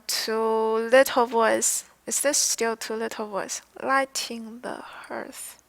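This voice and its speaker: A young woman streamer who is not a native English speaker, chatting casually and haltingly while reading game card text aloud on a headset mic. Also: a little high, little pitch movement, gravelly. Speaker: game streamer reviewing cards. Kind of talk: casual live-stream chat.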